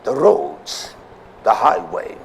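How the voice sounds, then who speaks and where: An older man preaching a sermon, swinging from loud emphasis down to near whispers. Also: slow, rough recording.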